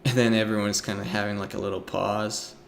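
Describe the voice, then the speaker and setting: A man's voice: fairly low pitch, little pitch movement, brisk, gravelly. A young man giving a casual art lecture, talking loosely with many fillers and breaking into acted voices and sound effects.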